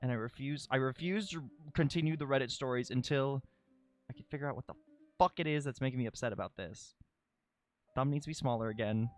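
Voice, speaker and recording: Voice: medium pitch, a little fast, soft background music. A live streamer chatting casually while drawing, dramatic and self-critical, who swears freely.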